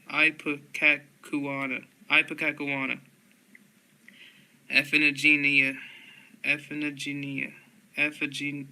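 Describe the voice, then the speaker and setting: A man reads a dictionary aloud word by word, stumbling and restarting now and then. His voice is bright and clean in tone. He delivers every entry at one unbroken, level pitch, like a list. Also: clear, resonant tone. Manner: flat word-by-word listing with stumbles. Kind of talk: reading dictionary entries aloud.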